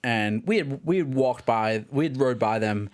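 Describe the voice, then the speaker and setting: A man, co-hosting a podcast and telling a long, rambling anecdote in casual chat, acting out the shouting of people in his story. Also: medium pitch, moderate pace. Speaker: podcast co-host.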